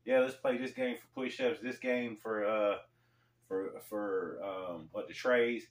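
A man hosting a casual storytelling vlog, talking in a laid-back, slangy way with pauses. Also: lowish voice, fairly even intonation. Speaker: storyteller host. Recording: echoey room, mic far off.

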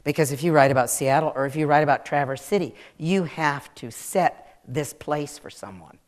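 A woman's voice: deep voice, moderate pace. A woman from Maryland with a Southern American accent, answering audience questions at a live author event in a chatty, frank way. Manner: chatty, frank, laughs easily. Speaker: author interviewee. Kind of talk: public Q&A answers.

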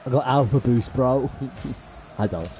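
A gaming livestreamer talks straight to his chat while playing, full of slang and "bro," swearing and raging at plays before apologizing. His voice is medium-pitched, measured and a little mellow. The audio is poor, with slight background noise.

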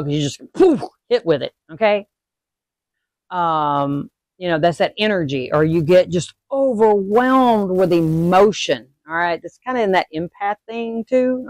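A woman's voice: lowish voice, no room sound. A woman hosting a witchcraft lesson, talking casually and checking in with "okay?" and "all right?" after nearly every point. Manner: animated when acting out sudden emotions. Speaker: host teaching witchcraft. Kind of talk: casual instructional talk.

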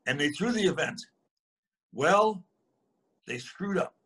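A man in his eighties, husky-voiced, telling a long story in casual conversation with chuckles and restarts. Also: a little high, lively intonation, slow, bright, forceful tone. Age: 80s. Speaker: guest.

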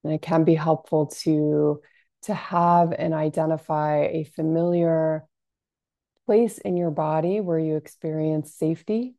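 Slow, gravelly-voiced woman guiding calmly. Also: low-pitched, no echo. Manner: soft, unhurried, calming delivery with frequent fillers. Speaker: compassionate inquiry practitioner. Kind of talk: gentle guided self-soothing lesson.

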